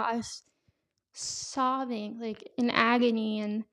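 Young woman host, personal testimony, halting and emotional, slightly high voice. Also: flat delivery, fairly bright tone. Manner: emotional, halting, many fillers. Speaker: podcast host.

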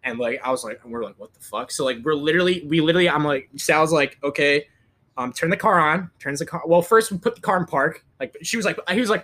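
A man's voice: fairly high pitch, quick pace, a bit bright. A young man co-hosting a podcast, telling stories in casual chat, rambling and swearing with lots of restarts. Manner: rambling, profane storytelling with many restarts. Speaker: podcast co-host.

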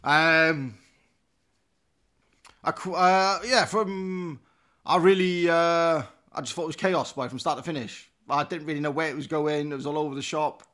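A man's voice: fairly high pitch, normal speed, a bit bright. A man co-hosting a podcast in casual chat, teasing his friends. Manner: teasing, laughing banter. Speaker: podcast co-host.

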